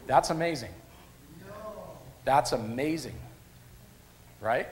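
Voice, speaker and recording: A man preaching a sermon at a church service, a lively storyteller who repeats phrases for emphasis. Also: mid-range voice, slow. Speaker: pastor.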